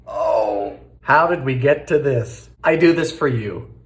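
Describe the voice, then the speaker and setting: A young man hosting a comic baking video, with deadpan asides and sudden shouts, in a home kitchen. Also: medium pitch, slow, reverberant. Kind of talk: comedic cooking narration.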